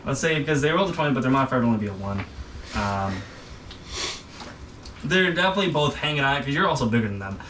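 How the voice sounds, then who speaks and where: A man's voice: mid-range voice, expressive, quick pace, long pauses, a bit bright, recorded from a distance. A man running a tabletop game as game master, rambling with many ums and uhs. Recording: noisy room, voice from off mic.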